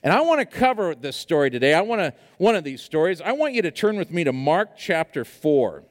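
Man preaching, chatty and animated, lively pitch, reverberant hall. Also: fairly quick. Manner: animated storytelling with many fillers. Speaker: pastor. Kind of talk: sermon.

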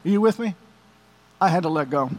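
A man's voice: a little high, animated, brisk. A middle-aged man, a pastor, preaching an emotional sermon and telling a personal story, calling his listeners family.

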